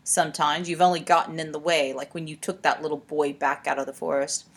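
A woman reading aloud and voicing a cold, sly ghost of a young woman who speaks softly and menacingly, with a husky voice. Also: level tone, fairly quick. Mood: coolly menacing. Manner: cool, then soft and low.

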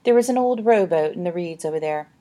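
A woman's voice: lively intonation, quick pace, close to an everyday voice. A woman doing a cold, sly ghost lady. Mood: coolly menacing. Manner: cool, then soft and low.

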